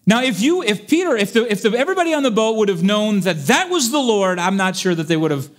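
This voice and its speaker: A man's voice: sits high, very animated, fast. A man preaching a sermon in a chatty, playful way, reading old-fashioned scripture and acting out the scenes.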